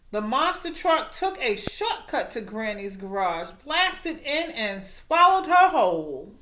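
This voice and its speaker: A woman teacher reading a storybook aloud, with expressive, animated storytelling. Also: fairly high pitch, takes it slowly, hardly any pauses.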